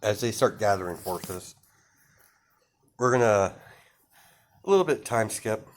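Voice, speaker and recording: A man's voice: on the low side, expressive, measured pace. A young man improvising a fan-fiction story, rambling with many fillers and self-corrections.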